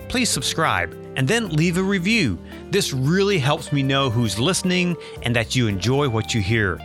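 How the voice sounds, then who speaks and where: A man's voice: medium pitch, fairly bright tone. A man from Ohio hosting a podcast, introducing a guest and interviewing her in a friendly, conversational way. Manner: friendly, conversational, laughs often. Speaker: podcast host.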